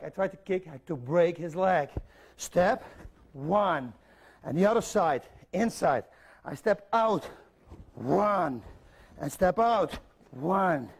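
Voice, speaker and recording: A middle-aged man, a Dutch native speaker, teaching kicking technique in an instructional video, giving direct cues and counting steps aloud. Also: high voice. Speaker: martial arts instructor.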